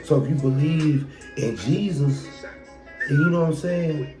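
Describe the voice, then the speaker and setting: A man with a slightly high voice speaks a little slowly as he hosts a podcast. His motivational monologue is blunt and profane, driven by rhetorical questions. The echoey recording has loud music behind it.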